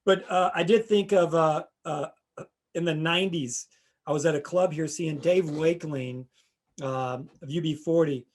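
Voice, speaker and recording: A man's voice: on the high side, normal speed. A middle-aged man hosting a podcast, chatting casually and telling rambling stories, often acting out the people he quotes. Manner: rambling storyteller, acts out quotes with voices. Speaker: podcast host. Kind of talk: casual chat.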